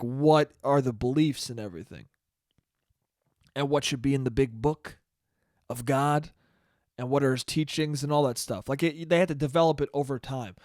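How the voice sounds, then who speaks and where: A man's voice: a little high, no echo. Young man rambling and swearing, dry mic. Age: 20s. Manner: rambling, swears freely, laughs at own stories. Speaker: podcast host. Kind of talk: casual solo podcast monologue.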